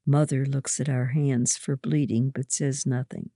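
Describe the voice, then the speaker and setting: A narrator reading a first-person story aloud in a slow, measured way. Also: medium pitch, little pitch movement, warm tone, no echo, studio quality.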